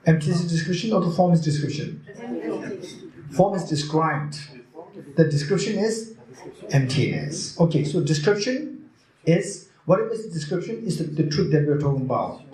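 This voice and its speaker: Teacher guy quizzing his class, voice a bit high, lots of echo. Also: very animated, moderate pace, mellow. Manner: repeats phrases, quizzes and teases the audience. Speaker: Buddhist teacher. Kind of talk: retreat teaching, questioning students. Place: retreat teaching hall. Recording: echoey room.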